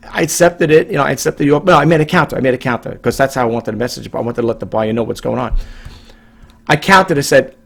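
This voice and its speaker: A man's voice: mid-range voice, quick pace, vocal fry. A middle-aged man from New York, talking casually to his viewers in a rambling, emphatic way, repeating himself and restarting his sentences. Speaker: online reseller vlogger. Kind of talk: casual monologue to camera.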